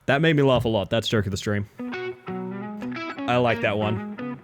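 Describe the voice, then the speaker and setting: Soft background music plays as a young man streams a game, chatting casually and joking playfully with his viewers directly. He speaks at normal speed in a lowish voice.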